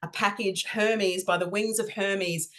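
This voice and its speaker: A woman's voice: medium pitch, fairly even intonation, a little slow, fairly bright tone. A woman hosting a podcast, talking in a gushing, rambling way full of fillers. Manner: gushing, rambling, heavy use of "like" and "you know". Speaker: podcast host. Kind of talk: casual podcast chat.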